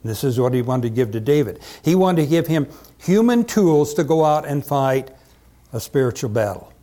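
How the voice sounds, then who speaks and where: Lively, emphatic male preacher. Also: mid-range voice, normal speed. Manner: emphatic, repeats rhetorical questions. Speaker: pastor. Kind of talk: sermon.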